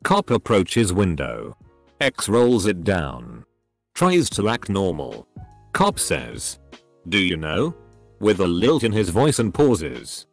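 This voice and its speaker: A man narrating online stories as scripted readings, in a lively, expressive way. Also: lowish voice.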